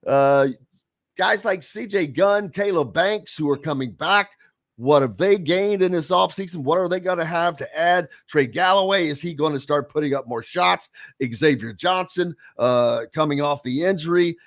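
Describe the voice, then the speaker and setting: A man's voice: on the high side, normal speed. A man hosting a sports radio show, chatting casually and animatedly with a guest.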